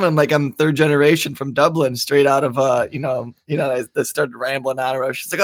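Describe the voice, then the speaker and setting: A man's voice: mid-range voice, steady tone, brisk, no echo. A man in his thirties co-hosting a podcast, joking and telling rambling stories in casual banter. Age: 30s. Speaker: podcast co-host.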